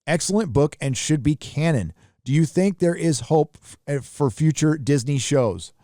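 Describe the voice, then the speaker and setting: Man with a dark, dry voice reading donations. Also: a little high, lively intonation, no room sound. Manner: reads donor messages aloud with quick asides. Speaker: host reading viewer donations. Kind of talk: casual livestream chat.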